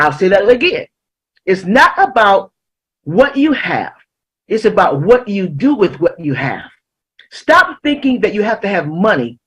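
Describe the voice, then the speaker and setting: A woman giving a motivational talk as a life coach, emphatic, repeating key lines slowly. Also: mid-range voice, husky, poor audio.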